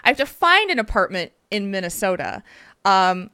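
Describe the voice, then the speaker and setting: A woman hosting a podcast in casual, chatty talk, animated and rambling with fillers. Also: mid-range voice, normal speed, clear, resonant tone, dry recording, clean studio sound. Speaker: podcast host.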